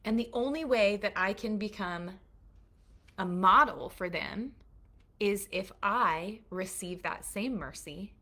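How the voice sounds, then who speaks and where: A woman's voice: medium pitch, slow pace, bright, forceful tone. A middle-aged woman teaching a course for mothers, earnest and confessional, checking in with her listeners as she shares her faith. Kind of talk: heartfelt faith-based teaching to a live online group.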